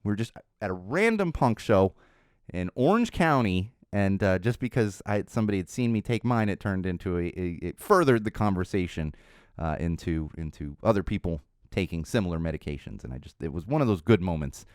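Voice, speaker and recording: Lively, rambling middle-aged male podcast host. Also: deep voice, brisk, no room sound, clean studio sound. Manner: rambling storyteller, full of restarts and asides. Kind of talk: casual podcast monologue.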